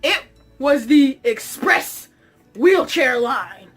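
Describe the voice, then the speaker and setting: A young woman telling a comic personal story in a vlog, dramatic and excitable, often raising her voice for effect. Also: sits high, very slow, breathy edge, soft background music. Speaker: vlogger.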